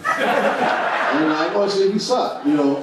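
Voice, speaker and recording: On a roomy live club recording with a distant-sounding mic, a man performs stand-up, his voice a little high and a little slow. He tells animated stories, leaps loudly into quoted lines and keeps saying "you know what I'm saying," while the audience laughs and the crowd murmurs.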